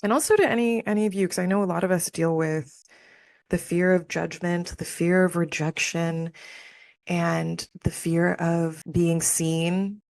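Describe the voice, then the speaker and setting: A woman's voice: lowish voice, steady tone, unhurried, gravelly, darkish tone, no room sound. A young woman hosting her spiritual podcast, talking candidly and emotionally, full of casual fillers. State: near tears at times. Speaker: podcast host. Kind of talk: personal spiritual podcast monologue.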